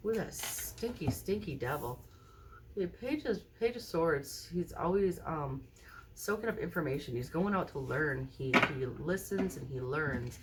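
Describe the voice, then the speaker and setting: A woman doing a casual tarot reading to camera at a table indoors, recorded on a phone mounted high overhead, chatting and often checking in with the viewer. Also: lively intonation, a little slow, background noise. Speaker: tarot card reader.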